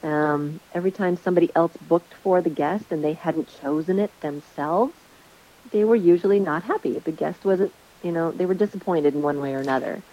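Lively woman telling a host story. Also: low-pitched, brisk, muffled recording. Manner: animated storyteller, acts out quotes. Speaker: Airbnb host sharing stories. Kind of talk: casual chat.

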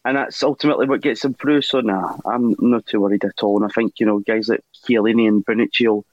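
A man co-hosting a football podcast, giving measured, thoughtful opinions. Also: fairly low pitch, steady tone, darkish tone, no room sound. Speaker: podcast co-host. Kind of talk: casual football chat. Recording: dull, dry lo-fi sound.

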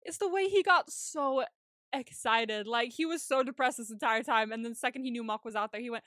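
A young woman co-hosting a casual recap podcast, talking in an animated way, swearing and laughing often. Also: on the high side, a little fast, no room sound, studio quality. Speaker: podcast co-host.

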